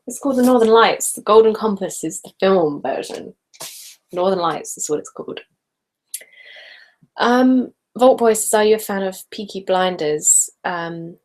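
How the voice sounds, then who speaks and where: A chatty woman, hosting a relaxed live chat for her viewers. She reads out their comments one by one and answers each, breaking into giggles as she goes. Her voice sits at an ordinary middle pitch. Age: late 20s. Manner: chatty and giggly, often laughing mid-sentence. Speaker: ASMR channel host.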